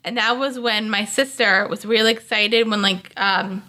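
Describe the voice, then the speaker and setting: A woman's voice: mid-range voice, fairly even intonation, moderate pace, sharp tone. A young woman co-hosting a casual cartoon review chat, chatty and playful, with lots of fillers. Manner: chatty, many fillers, playful put-on voices. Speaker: co-host reviewing a cartoon episode.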